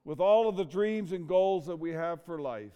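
A middle-aged man preaching a sermon in a church, emotional and full of rhetorical questions with dramatic pauses. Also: high-pitched, expressive, warm tone, smooth, muffled recording. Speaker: pastor. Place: church sanctuary. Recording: long reverb of a large hall.

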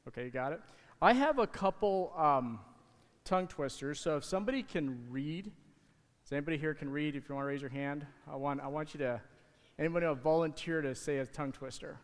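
A man talking to the kids in church, giving a casual, halting object lesson from the stage. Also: on the high side. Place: church sanctuary. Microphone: handheld or stage mic. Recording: hall reverb in a sanctuary.

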